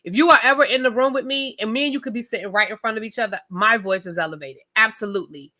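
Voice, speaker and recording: A woman hosting a live TV review show, talking loudly and emphatically straight to her viewers in a casual rant. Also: on the high side, fast. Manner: loud, emphatic, talks straight to the audience.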